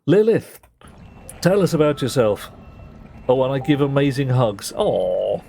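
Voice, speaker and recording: A man's voice: medium pitch, very animated, a little slow, gravelly. A man chatting casually while streaming a horror game and reading out chat messages. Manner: chatty, reads chat aloud, swears mildly. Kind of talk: casual gameplay commentary. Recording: game music loud underneath.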